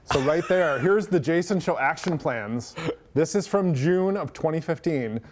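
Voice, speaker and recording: A man's voice: a little high, lively intonation, a little slow. A man, the show's executive producer, joking and teasing in casual studio banter.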